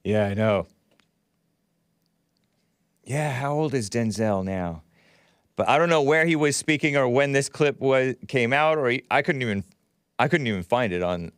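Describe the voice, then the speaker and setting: A man's voice: fairly low pitch, clean tone, no room sound, studio quality. A man hosting a call-in talk show, chatting casually, laughing often and reading out listener comments. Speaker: radio call-in show host.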